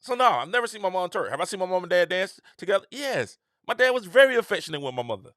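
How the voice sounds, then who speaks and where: A middle-aged man, hosting a casual opinion monologue with an animated, repetitive, preacher-like cadence. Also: high voice, fast, no echo, studio quality. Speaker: host.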